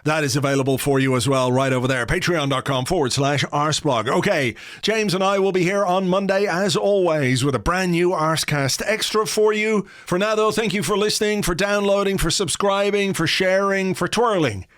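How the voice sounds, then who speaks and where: A male podcast host reading out links and sign-offs in a chatty, jokey way, spelling things out slowly. His voice sits a bit high for a man and sounds close and dry. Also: a bit bright, dry recording.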